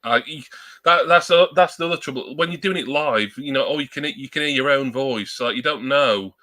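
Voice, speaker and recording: A man's voice: medium pitch, moderate pace, pushed and bright, dry recording. A man chatting casually on a live stream through a new external desk mic at his laptop, rambling and joking at his own expense. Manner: rambling, self-deprecating, joking.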